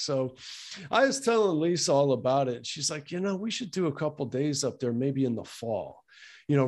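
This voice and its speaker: A man co-hosting a casual chat, relaxed and rambling with lots of "um" and "like". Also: medium pitch. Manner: relaxed, rambling, many fillers like "um" and "like". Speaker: podcast co-host.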